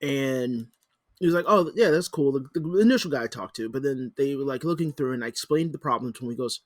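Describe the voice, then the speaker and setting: A man with a mid-range voice tells his stories in a low-key, wry way during a casual podcast chat. The sound is dry and close to the mic. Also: expressive, quick pace, no room sound. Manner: wry, disgusted groans, low-key storytelling. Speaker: podcast co-host.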